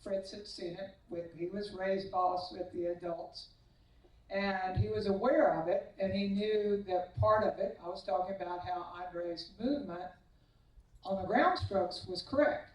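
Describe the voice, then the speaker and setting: A woman giving a banquet acceptance speech, telling animated, self-deprecating anecdotes as a tennis coach. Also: medium pitch, measured pace. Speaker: hall of fame inductee, tennis coach. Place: large banquet hall. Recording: echoey hall, voice far from the mic.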